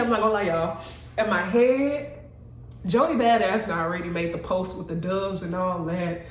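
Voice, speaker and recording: A young woman recapping a TV show in a casual, animated way, talking bluntly and swearing freely. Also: on the low side, normal speed, distant mic. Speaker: TV recap vlogger. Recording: echoey room, voice off-mic.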